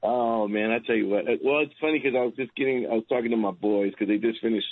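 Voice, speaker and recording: Gravelly, husky male radio guest. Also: medium pitch, fast, dry recording, narrow, tinny audio. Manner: rambling storyteller, laughs often, acts out family members. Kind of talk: casual talk radio chat.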